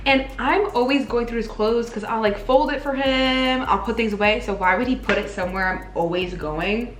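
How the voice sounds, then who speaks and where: Young woman vlogger, high lively voice, echoey room with faint hiss. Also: normal speed. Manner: bubbly and chatty, laughs often. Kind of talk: casual couple Q&A chat.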